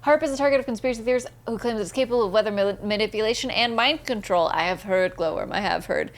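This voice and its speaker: A woman's voice: mid-range voice, fast. A woman live-streaming a game, chatting casually, laughing often and reading viewer messages aloud. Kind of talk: casual live-stream chat while gaming.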